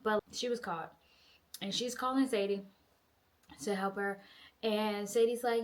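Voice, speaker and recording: A young woman recapping a novel in a casual, profane, animated way, acting out the characters' lines. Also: fairly high pitch, moderate pace. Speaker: book reviewer. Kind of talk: casual book review recap.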